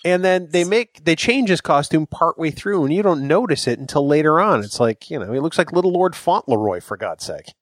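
A man's voice: a little high, expressive, brisk, hardly any pauses, no echo. A man co-hosting a casual fan podcast, giving blunt opinions with dry humor. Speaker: podcast co-host.

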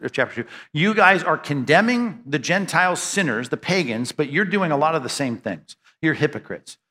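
Animated, bright-voiced male preacher. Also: a little high. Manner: animated preaching with rhetorical questions to the congregation. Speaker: pastor. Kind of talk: sermon.

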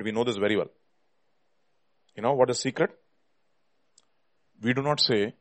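A man's voice: mid-range voice, fairly even intonation, fairly quick, pauses often. Man preaching with swelling emphasis. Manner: reads scripture and hymn lines with swelling emphasis, then drops to quiet asides; addresses listeners as "my dear brothers". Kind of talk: sermon.

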